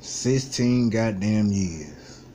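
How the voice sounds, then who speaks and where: In a personal vlog, a man in his twenties recounts his life story, venting bluntly with plenty of swearing and frustration. His lowish, mellow voice is expressive and he draws out his words, with slight background noise.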